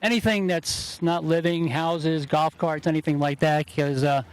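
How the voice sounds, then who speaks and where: A man's voice: fairly high pitch, steady tone, a little slow, smooth. A man with a New Jersey accent, a golf tournament organizer being interviewed outdoors, explaining rules in easygoing casual chat.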